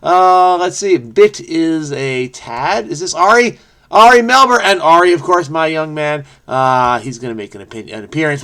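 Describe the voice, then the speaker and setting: A man talking himself through a crossword in a casual, think-aloud way. His voice sits a little high for a man. He drops into low mutters over the clues, then jumps up in sudden excited bursts when an answer clicks. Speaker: crossword solver, channel host.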